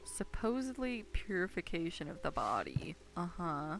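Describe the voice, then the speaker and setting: Woman, casual gameplay chatter, playful, giggly, very animated pitch, gravelly. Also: moderate pace. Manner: playful, giggly, talks to herself. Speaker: streamer. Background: soft game music.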